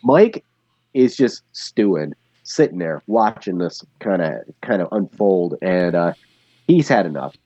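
A man's voice: sits low, sing-song, a little slow, warm tone, slightly rough, no room sound, lo-fi sound. A man co-hosting a podcast, casually retelling a TV episode's plot and loosely acting out its lines. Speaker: podcast co-host. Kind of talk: casual chat recapping a TV episode.

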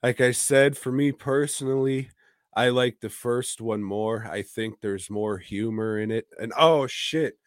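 A man's voice: mid-range voice, a little slow, no echo, studio quality. A man co-hosting a podcast, chatting casually about movies in a rambling, profane way and chuckling between his points. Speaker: podcast co-host.

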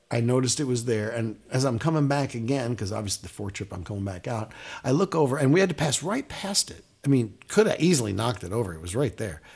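A man co-hosting a casual podcast, telling a gig story with animated, loud exclamations. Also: mid-range voice, breathy edge. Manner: animated, rising to loud exclamations when retelling. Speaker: podcast co-host; guitarist.

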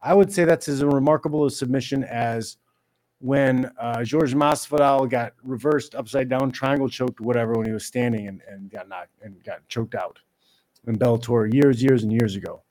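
A man giving ranting commentary on a fight, exasperated and mocking, mimicking critics in a high whiny voice. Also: normal speed, darkish tone. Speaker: MMA commentator.

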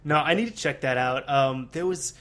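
A young man chatting casually as a podcast co-host, rambling and animated, with many restarts and fillers. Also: on the high side, moderate pace. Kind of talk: casual chat.

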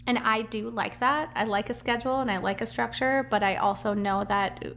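A woman's voice: fairly high pitch, fairly quick, fairly bright tone, slight background noise. A woman co-hosting a casual podcast chat, talking in a chatty, filler-heavy way and laughing often. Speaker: podcast co-host and business owner.

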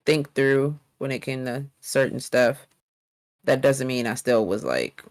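A woman's voice: rumbling low, measured pace. A woman co-hosting a casual couples podcast. She talks through her side in detail and insists on her point, restarting her sentences often. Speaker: podcast co-host. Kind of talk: casual chat.

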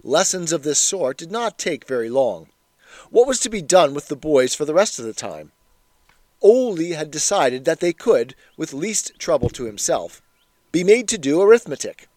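A man reading a memoir aloud in a measured, wry storytelling manner. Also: fairly high pitch, sing-song, darkish tone, no room sound. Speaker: reader. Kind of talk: scripted memoir narration.

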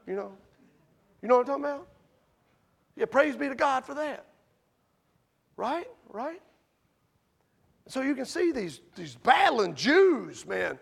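Animated preacher with a gravelly, high voice. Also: male voice, brisk. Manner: animated, shouting peaks then dropping low and quiet; conversational, asks the congregation questions. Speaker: pastor. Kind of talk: sermon.

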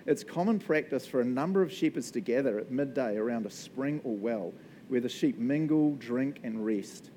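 A man's voice: medium pitch, expressive, normal speed, warm tone, slight background noise, rough recording. A man, teaching the Bible in a casual, chatty way, often checking in with "right?" and laughing as he goes. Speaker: pastor.

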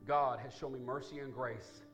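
Emphatic preaching man, soft music behind. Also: fairly even intonation, normal speed. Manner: preaching with rising, emphatic build-ups and soft, low appeals. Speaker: pastor. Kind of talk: sermon with altar call. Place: church sanctuary.

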